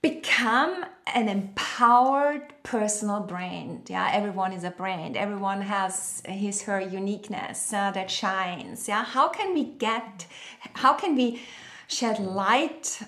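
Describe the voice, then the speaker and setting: A woman hosting an interview, asking slow, searching questions with many fillers. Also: medium pitch, a bit bright, roomy sound. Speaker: interview host.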